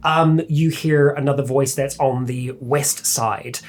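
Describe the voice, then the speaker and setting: A man's voice: mid-range voice, fairly even intonation, slow. A man, narrating a tabletop game as game master in a rambling way, full of fillers and swearing.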